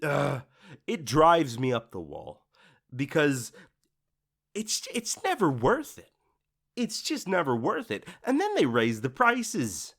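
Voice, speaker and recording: A man's voice: fairly high pitch, slow pace, creaky. A man hosting a solo podcast, ranting casually and acting out what customers think to themselves. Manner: ranting, animated, acts out customers' inner voices. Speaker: podcast host. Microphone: studio microphone.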